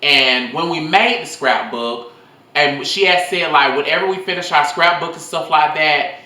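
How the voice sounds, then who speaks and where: Talking into his phone for a laid-back vlog, this young guy wanders through stories from school, cursing without restraint and telling them with lots of energy. The recording has an echoey room and a far-off mic, and his pitch is medium.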